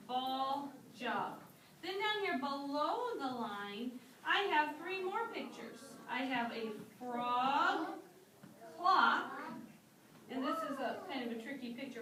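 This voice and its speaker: High-voiced woman teaching a class. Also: expressive, pushed and bright. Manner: slow, clear, encouraging prompts. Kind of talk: classroom phonics lesson. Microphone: camera in the room. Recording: roomy classroom sound from a distance with background noise.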